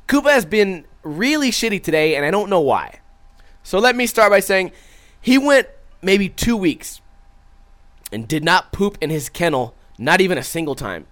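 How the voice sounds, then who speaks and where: Young man, casual profane streamer chat, animated delivery, lively pitch. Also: moderate pace. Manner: profane, animated, acts out his own stories. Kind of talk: casual chat reading viewer comments.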